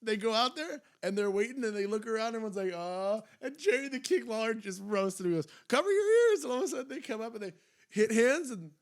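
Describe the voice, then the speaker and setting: Excitable young man chatting on a podcast. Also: fairly quick. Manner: excitable, jumps high when retelling funny moments. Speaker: podcast co-host. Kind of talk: casual chat.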